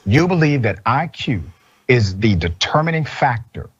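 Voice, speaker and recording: A man's voice: medium pitch, big pitch swings, normal speed, breathy edge. A man hosting a heated debate in an insistent way, often cutting in. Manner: insistent, interrupting. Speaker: debate show host. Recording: dull lo-fi clip.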